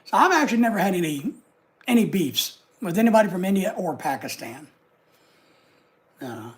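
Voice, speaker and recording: High-voiced American man chatting live. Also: very animated, moderate pace, pauses often, a little mellow. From United States. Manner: chatty, reads viewer comments aloud and greets them. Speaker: livestream host. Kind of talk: casual live chat. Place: home desk.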